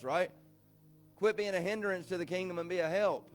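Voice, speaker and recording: A man pastor preaching informally to a recovery group, repeating himself and asking the room questions, dropping low and slow and then rising to shouts. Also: fairly even intonation. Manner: swings from quiet and slow to loud and shouting.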